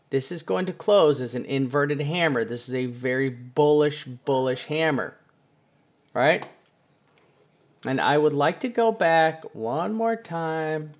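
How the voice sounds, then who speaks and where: A man hosting a trading live stream, talking casually over charts, chatty and self-mocking, with bursts of excitement. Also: a little high.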